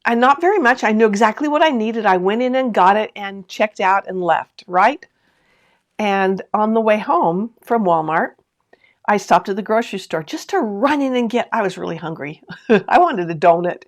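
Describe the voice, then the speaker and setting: Medium in pitch, lively in intonation, and delivered at a normal speed, this woman's voice carries a home sewing live stream. As host, she laughs a lot while telling a story, reads comments aloud, and addresses viewers directly with many asides and questions.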